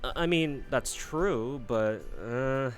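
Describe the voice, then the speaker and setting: A man's voice: mid-range voice, slow pace, faint music behind, close to an everyday voice. A man voicing an unsure young woman knight in his own everyday voice. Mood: hesitant. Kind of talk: reading game dialogue aloud with voices.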